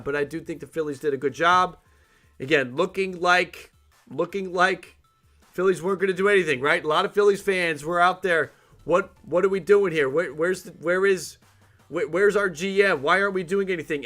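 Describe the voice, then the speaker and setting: A man hosting a live sports reaction stream, thinking aloud and getting excited as he reads out breaking news updates. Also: on the high side.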